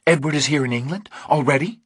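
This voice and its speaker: A woman's voice: rumbling low, big pitch swings, fairly quick, breathy edge, no echo, clean studio sound, voice pushed up, full character voice. A man voicing a tense, frightened young mother who gives short, guarded replies in an audiobook thriller. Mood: anxious.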